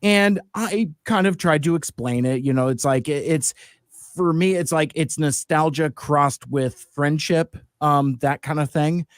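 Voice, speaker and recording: A man's voice: a little high, measured pace, no room sound, clean studio sound. A man hosting a podcast live stream, talking in a loose, rambling way with lots of fillers. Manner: rambling, many fillers and restarts. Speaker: podcast host. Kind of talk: casual live-stream chat.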